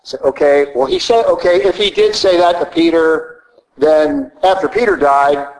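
A man's voice: fairly high pitch, moderate pace, darkish tone, rough recording. A man with a Southern American accent preaching a sermon, emphatic and teacherly, often asking rhetorical questions.

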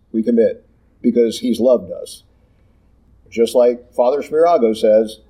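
Husky animated man preaching. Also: mid-range voice. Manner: animated, rhetorical questions, emphatic repetition. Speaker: Catholic teacher. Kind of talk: sermon.

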